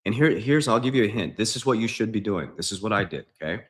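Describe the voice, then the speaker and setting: A man's voice: fairly low pitch, expressive, fast talker. A man as a financial coach on a livestream, emphatic and preachy, repeating his points. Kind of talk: livestream talk.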